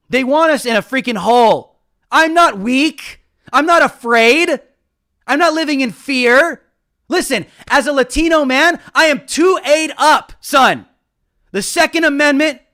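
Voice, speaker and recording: High-pitched, fiery ranting man. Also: sharp tone. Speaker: political commentator, show host. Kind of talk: live political commentary monologue.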